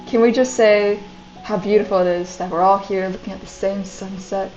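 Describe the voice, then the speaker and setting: Excitable young woman gaming streamer, chatty and giggly, game music faint behind. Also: mid-range voice, moderate pace, lo-fi sound. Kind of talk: casual gameplay commentary.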